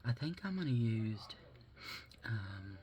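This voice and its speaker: A man's voice: fairly low pitch, big pitch swings, takes it slowly, darkish tone. A man vlogging casually while doing his makeup, rambling and swearing easily, with whispered asides.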